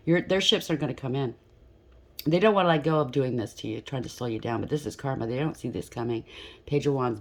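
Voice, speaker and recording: A tarot reader giving a reading in an emphatic, blunt way, often checking in with the listener and restarting sentences on the fly. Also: mid-range voice. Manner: loose and spontaneous, with frequent restarts.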